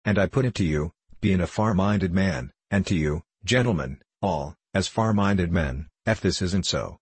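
A man puts on a grave, stout male miner from a storybook, pleading in rough backwoods dialect. The voice sits very low and husky, heard close and dry. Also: moderate pace, dry recording. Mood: earnest.

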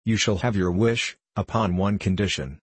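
A proud old knight boils over with harsh, scornful fury, as a man reads him aloud. The voice sits very low with a husky grain. The sound is dry and close. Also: normal speed, no room sound. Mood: bitter fury.

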